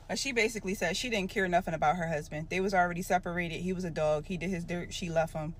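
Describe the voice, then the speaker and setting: A woman casually telling a personal story to her viewers, animated and colloquial, acting out the dialogue. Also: lowish voice, fast talker, few pauses. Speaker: storytime creator.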